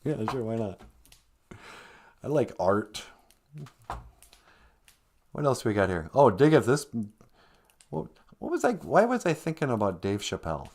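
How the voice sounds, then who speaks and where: A man's voice: mid-range voice, big pitch swings, measured pace, pauses often, a little mellow. A man hosting a podcast in casual, jokey chat, teasing his co-host and greeting listeners. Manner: jokey, teasing, calls people sweetie.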